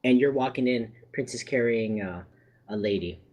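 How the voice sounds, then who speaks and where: A man running a tabletop game as game master, narrating in a relaxed way with lots of fillers. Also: medium pitch, moderate pace.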